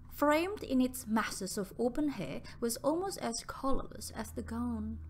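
A woman narrating an audiobook in a slow, deliberate reading style. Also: fairly high pitch, vocal fry.

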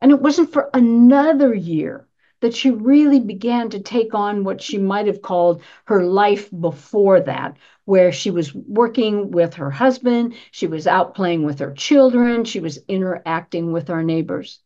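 In a church sanctuary, a woman minister delivers a conversational sermon in a warm, expressive, medium-pitched voice at an unhurried pace; the highs are cut off. She poses rhetorical questions and repeats her key phrases for emphasis.

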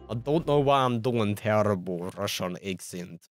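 A man's voice: fairly low pitch, fairly even intonation, normal speed, faint music behind. An Australian man giving casual, self-mocking commentary as he plays a video game, swearing mildly and laughing at his own mistakes. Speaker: gaming YouTuber. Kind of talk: casual let's-play commentary.

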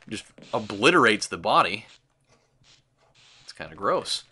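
Sarcastic, excitable young man gaming. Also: fairly low pitch, unhurried, long pauses, a little hiss or hum. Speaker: let's play host. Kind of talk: gameplay commentary.

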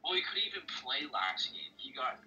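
A man's voice: medium pitch, big pitch swings, fairly quick, lo-fi sound, over music. A young man in casual gaming chat, blunt and stubborn, arguing back at his friend. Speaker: friend and game player.

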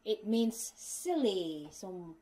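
Slow, mellow-voiced woman explaining slang. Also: medium pitch, big pitch swings, rough recording. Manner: unhurried, repeats explanations, addresses viewers as guys; non-native English phrasing. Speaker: vlogger teaching British slang. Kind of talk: casual spoken explainer.

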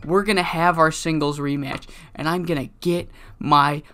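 A man's voice: fairly high pitch, steady tone, moderate pace, sharp tone, clean tone. A man voicing a bitter, vengeful male wrestler who growls profane taunts at his rival.

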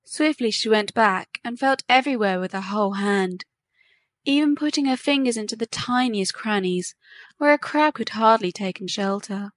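Woman reading a story, slightly high. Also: lively intonation, moderate pace, no room sound. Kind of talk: scripted narration of a graded reader story.

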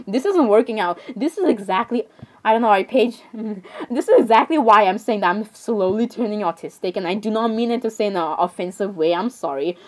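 A young woman giving excitable, dramatic casual commentary, often repeating exclamations and laughing. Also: medium pitch. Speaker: narrator voicing characters.

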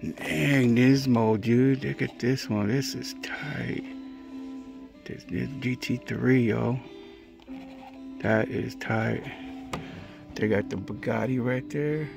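A man's voice: medium pitch, takes it slowly, gravelly, long pauses, over music. A man from California in casual commentary as he walks a hobby store, muttering laid-back reactions and ranting about prices. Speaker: diecast collector vlogger.

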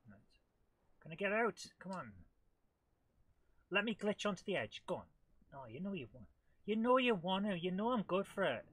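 Excitable woman with a head cold. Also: mid-range voice, moderate pace, pauses often, husky. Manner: excitable, chatty, talks to the game and laughs a lot. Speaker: host of a retro gaming channel. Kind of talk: live let's-play commentary.

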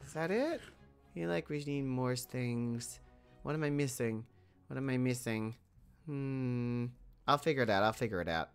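A woman hosting a building video, chatting casually and thinking aloud, with frequent small laughs. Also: extremely low pitch. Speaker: host.

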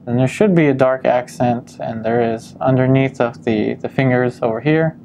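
Man, painting instructor, relaxed demo narration, soft fry in the voice. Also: medium pitch, moderate pace, a little hiss or hum. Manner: calm step-by-step explaining with frequent ums.

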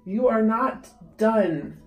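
A man's voice: sits high, takes it slowly, reverberant, soft background music. A young man chatting casually in a vlog, giggly and prone to yelps, recorded in a home bathroom. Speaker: vlogger.

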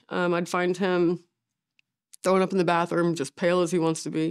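A middle-aged woman, a bereaved mother, speaking haltingly with many fillers in a documentary interview. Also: fairly low pitch, level tone, smooth.

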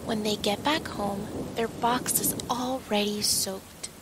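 Slow, expressive woman reading a storybook. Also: mid-range voice, background noise. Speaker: storybook reader. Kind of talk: children's story read-aloud.

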